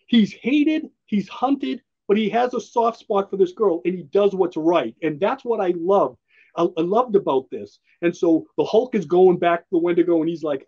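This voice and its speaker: Brief: man, fairly high husky voice, enthusiastic rambling podcast co-host. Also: dark tone, muffled recording. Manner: enthusiastic, rambling, laughs often. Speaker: podcast co-host presenting a comic. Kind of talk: casual comic book chat.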